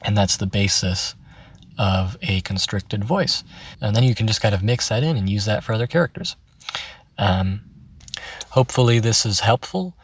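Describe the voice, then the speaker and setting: A man giving a relaxed, chatty voice-acting tutorial, laughing often. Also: lowish voice, moderate pace, husky, no room sound. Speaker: voice acting teacher. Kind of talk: casual tutorial. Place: in his car.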